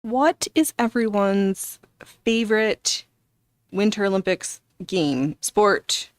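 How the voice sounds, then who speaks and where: A middle-aged woman hosting a casual livestream, rambling and chatting with viewers in a slow, drawn-out way, with soft whispered asides. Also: medium pitch, expressive, no room sound, studio quality. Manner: rambling, chatty, reads and answers viewer chat. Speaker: livestream host. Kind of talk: casual livestream chat while sewing.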